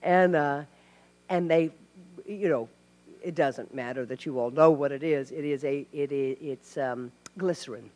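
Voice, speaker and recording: A woman from Tennessee, a guest at a live Q&A, telling animated stories with laughs and restarts. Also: deep voice, unhurried. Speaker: actress guest. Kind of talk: live Q&A storytelling. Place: stage before a live audience. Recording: hall reverb.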